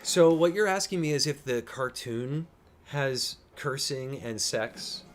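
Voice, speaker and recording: A man's voice: medium pitch, lively intonation, slow, slight background noise. Eager, rambling man reacting to a show. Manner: enthusiastic, rambling, teasing. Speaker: reaction streamer. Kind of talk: casual reaction chat.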